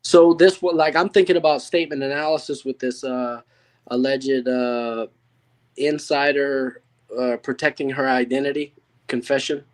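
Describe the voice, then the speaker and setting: A man's voice: mid-range voice, flat delivery, normal speed. A man in a casual panel discussion, telling a story in a rambling way with fillers and restarts. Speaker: panel participant. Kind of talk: casual chat.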